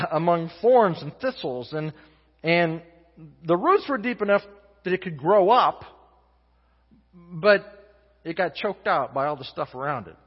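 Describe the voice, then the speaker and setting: A male guest pastor preaching a sermon in an earnest, halting way, with many restarts and swings between loud and soft. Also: a little high. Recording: muffled sound in a reverberant hall.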